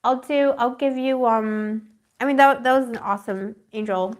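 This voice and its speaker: Reading tarot on a live stream, a woman with a slightly high voice talks at a moderate pace. She's affectionate and meandering, calling viewers pet names and dreamily groping for the right words.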